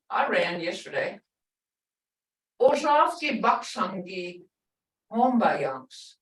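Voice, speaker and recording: In an online lesson, a patient, clear language instructor explains slowly and repeats each example word many times. Her voice is a little high and somewhat bright, and because she sits away from the mic it sounds roomy and slightly distant.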